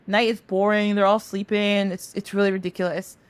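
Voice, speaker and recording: A woman's voice: mid-range voice, brisk, clear, resonant tone, dry recording, close to an everyday voice. Woman playing a sulky bored moon girl. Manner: flat, sulky. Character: gloomy bored female moon, a downer.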